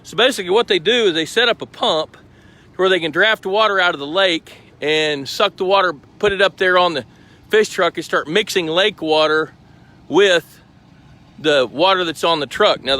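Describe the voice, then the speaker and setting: A man with a high, bright, forceful voice hosts a live stream outdoors at a fish truck by a lake. Walking around with his handheld phone camera, he keeps up a chatty, explanatory patter.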